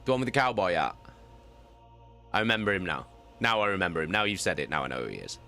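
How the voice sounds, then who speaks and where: Very deep-voiced man chatting loudly, swearing. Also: fast talker, faint music behind. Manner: animated, swearing often, repeats himself. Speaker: audiobook reader and streamer. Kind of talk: casual chat with live viewers.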